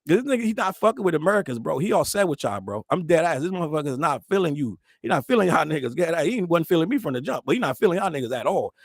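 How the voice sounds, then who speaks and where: Male host, high voice, rapid rambling commentary, laughs through his lines. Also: sing-song, no echo, studio quality. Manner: profane, rambling, laughs mid-sentence; mimics other people in quick quotes. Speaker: show host. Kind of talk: casual pop-culture commentary.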